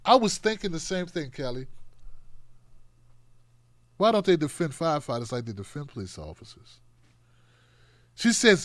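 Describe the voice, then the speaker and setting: Male live-stream host, high voice, bone-dry sound; sarcastic, animated chat-reading. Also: moderate pace, long pauses, dry recording. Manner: animated, sarcastic, swinging between loud outbursts and muttering. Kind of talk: live-stream commentary reading viewer comments.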